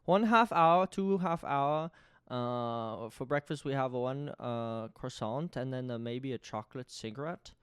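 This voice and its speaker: A man doing a deliberately clumsy mock German accent. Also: medium pitch, completely flat delivery, smooth, no room sound, studio quality, pitched below the performer's own voice, lightly acted. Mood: mock-serious.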